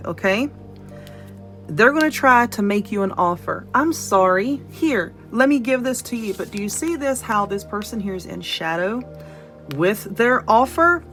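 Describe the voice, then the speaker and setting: A woman's voice: mid-range voice, fairly bright tone. Blunt, chatty woman reading cards. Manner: chatty, blunt, frequent "okay?" and "you know"; laughs and yawns between points. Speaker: tarot and Lenormand card reader. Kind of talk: casual card reading to camera.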